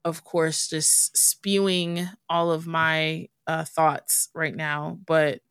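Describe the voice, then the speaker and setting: A woman's voice: deep voice, flat delivery, takes it slowly, fairly bright tone, smooth, no room sound, clean studio sound. A young adult woman hosting her own podcast, talking candidly and casually as if to a friend. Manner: chatty, candid, talks like to a friend. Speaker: podcast host. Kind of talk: casual solo podcast chat.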